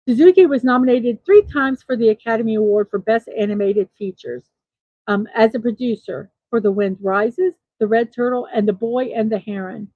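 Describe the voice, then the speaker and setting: Woman host, fairly high voice, reading daily trivia notes with asides; dry, slightly muffled lo-fi sound. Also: no room sound. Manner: reads from notes with small personal asides. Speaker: host of a daily morning show.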